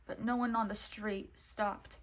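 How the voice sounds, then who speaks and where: A woman reading a picture book aloud, expressive and lively, putting on voices for the characters. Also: medium pitch, unhurried. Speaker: storybook reader.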